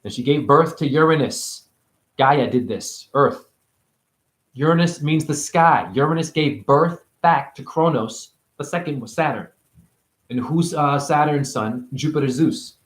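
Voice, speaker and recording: A man giving a rambling spiritual monologue, free-associating and preachy, jumping between high exclamations and low mutters. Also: a little slow, roomy sound. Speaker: spiritual teacher.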